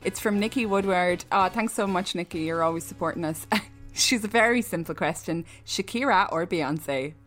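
A woman's voice: fairly low pitch, moderate pace, fairly bright tone, faint music behind. An Irish woman co-hosting a podcast, reading out listener questions and teasing her co-host with sweary banter. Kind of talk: casual chat.

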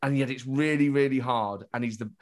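A man's voice: mid-range voice, a little fast. A British man, a comedian, talking animatedly as a podcast guest, often restarting his thoughts mid-sentence. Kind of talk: casual interview chat.

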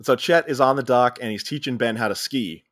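A man's voice: medium pitch, a bit bright, no room sound, clean studio sound. Man recapping a movie, playful voices. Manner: retells scenes, acting out lines in quick voices. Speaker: podcast co-host. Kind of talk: casual movie recap chat.

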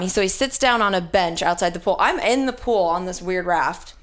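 A woman from Texas, co-hosting a podcast, tells a comic story in a chatty, animated way and swears freely. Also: fairly low pitch, fairly quick. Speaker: podcast co-host.

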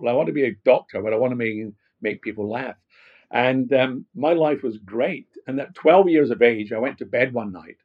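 Telling his life story as a guest, this Scottish motivational speaker from Glasgow is reflective, using lots of fillers and restarts and livening up during anecdotes. His voice is medium-pitched and slightly rough, and the recording sounds muffled.

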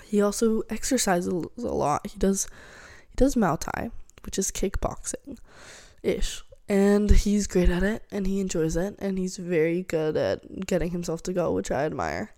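A woman's voice: fairly low pitch, animated, a little slow, mellow. A young woman hosting her own podcast, chatting casually and rambling with lots of fillers. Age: young adult. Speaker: podcast host. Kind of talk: casual solo chat.

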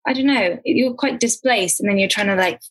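Breathy woman with an English accent. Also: medium pitch, brisk, a bit bright. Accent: English, neutral. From Scotland, grew up in Glasgow. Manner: chatty, laughs often, trailing restarts. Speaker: actor, guest. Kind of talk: casual interview chat.

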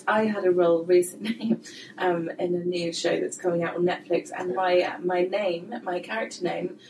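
An English actress chatting casually on a podcast, telling self-mocking stories with a giggle. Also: female voice, on the low side, steady tone, normal speed, darkish tone, recorded from a distance. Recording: echoey room, off-mic, crowd noise.

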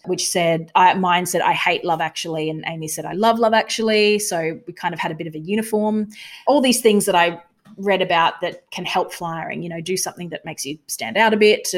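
Young Australian woman, somewhat low voice, guest on a podcast interview, lively storyteller who plays out the lines she quotes. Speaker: guest, touring comedy performer.

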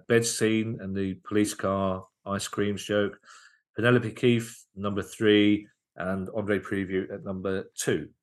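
A man with a fairly low voice, a guest comedian on a podcast. He tells anecdotes in a loose, halting way and often restarts his sentences. Casual conversational chat.

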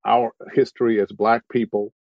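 A man speaking as a voice actor on a video-call panel, measured and thoughtful, pausing often. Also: fairly low pitch, flat delivery, no echo, muffled recording. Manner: measured, thoughtful, with frequent pauses.

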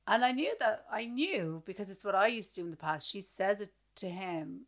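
A woman's voice: medium pitch, a little fast, few pauses, a bit bright. A woman in her thirties co-hosting a podcast, talking casually and animatedly, swearing freely and acting out quoted exchanges. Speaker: podcast co-host. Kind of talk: casual chat.

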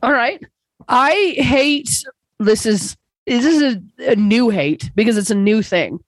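A woman comedian telling a story on a podcast. She swings her pitch widely as she acts out both sides of an exchange, and she swears freely. The sound is dry and close to the microphone. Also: lively intonation, slow, no echo, rough recording. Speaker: comedian guest. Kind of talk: casual podcast chat.

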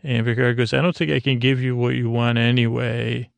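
A man hosting a podcast, retelling a TV episode in a drowsy, halting way with lots of fillers and restarts. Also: mid-range voice, little pitch movement, gravelly, no room sound. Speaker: podcast host. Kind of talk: sleepy comedic episode recap.

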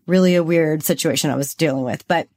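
A woman's voice: low-pitched, quick pace, darkish tone. Chatty woman podcast co-host. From Los Angeles. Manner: bubbly, chatty, says "like" a lot. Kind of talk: casual chat.

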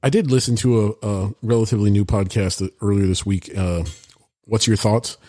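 Man, husky voice, lowish pitch, dry close sound, podcast co-host, wisecracks. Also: steady tone, normal speed, mellow, dry recording. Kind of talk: casual chat.

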